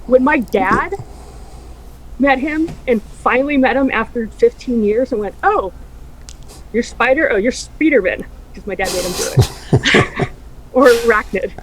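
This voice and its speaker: Woman radio host, emotional tribute chat, slightly high voice, faint hiss. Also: measured pace, long pauses, low-quality recording. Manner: emotional, quietens when grieving, lively when telling stories.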